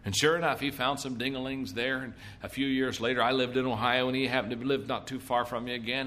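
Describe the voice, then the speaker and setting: A man's voice: mid-range voice, a bit bright, slight background noise. A middle-aged man giving a leadership seminar talk, telling folksy stories and repeating his points for emphasis. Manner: folksy storytelling, emphatic repetition. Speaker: leadership speaker.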